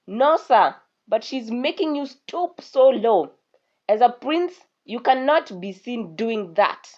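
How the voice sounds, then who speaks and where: A woman's voice: on the high side, expressive, slow, a little mellow. A woman voicing a worried royal guard. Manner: worried, pleading. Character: anxious male royal guard, protective. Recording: dull lo-fi recording.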